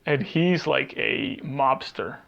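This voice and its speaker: A man co-hosting a podcast chats casually and rambles, trailing off as he searches for titles and what he means to say. His medium-pitched voice is expressive and slow, with vocal fry. The recording sounds muffled.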